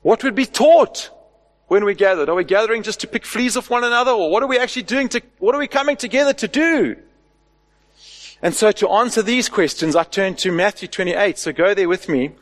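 A man's voice: high voice, fairly quick. A man preaching a sermon as the pastor, asking rhetorical questions and stressing key words. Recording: long hall reverb.

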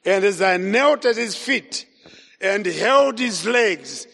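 A man's voice: high-pitched, animated, takes it slowly, pushed and bright. A man preaching his testimony as an evangelist, telling his story dramatically and acting out the voices he quotes. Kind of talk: testimony sermon. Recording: long reverb of a large hall.

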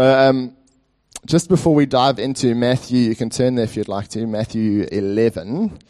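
A man's voice: mid-range voice, dark tone. A man preaching a sermon as pastor in a church, conversational and speaking directly to the congregation with frequent fillers.

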